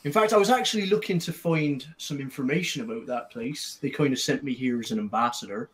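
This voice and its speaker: A man's voice: mid-range voice, natural voice, low-quality recording. A man playing a hesitant adventurer envoy. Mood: flustered. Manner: hesitant, halting, fumbling.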